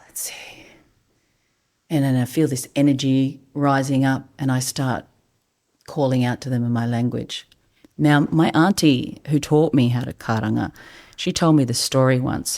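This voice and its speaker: A woman with a strikingly deep, low voice recalls an experience for a podcast in a soft, unhurried way. Her delivery stays hushed and often drifts into breathiness. She sounds middle-aged and reflective. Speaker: podcast guest, vocalist. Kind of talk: reflective storytelling.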